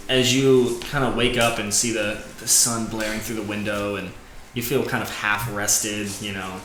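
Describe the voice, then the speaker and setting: A man narrating a tabletop game as game master, halting and rambling with many fillers. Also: on the low side, level tone, a bit bright. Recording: echoey room with background noise.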